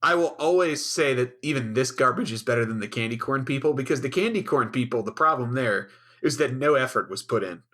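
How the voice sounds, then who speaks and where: A man's voice: medium pitch, fairly quick, few pauses, a bit bright. A man co-hosting a podcast, blunt and scathing with lots of swearing. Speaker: podcast co-host. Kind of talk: casual chat.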